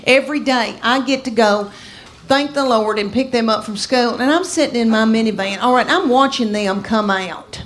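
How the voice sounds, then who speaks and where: A middle-aged woman, telling chatty, animated stand-up comedy stories on stage. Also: a little high, moderate pace. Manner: folksy, chatty, animated storytelling. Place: stage before a live audience.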